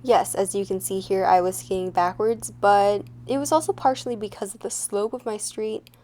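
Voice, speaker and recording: A woman's voice: mid-range voice, moderate pace, a little mellow. A teenage girl narrating her own vlog in a chatty, playful, self-deprecating way. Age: teens. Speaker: vlogger. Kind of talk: casual voice-over narration.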